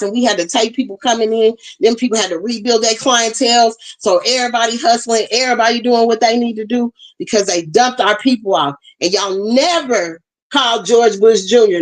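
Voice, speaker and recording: A woman's voice: mid-range voice, poor audio. Fiery Southern-twanged woman preaching. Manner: fiery, emphatic, talks straight to listeners. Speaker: host. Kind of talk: impassioned preachy livestream talk.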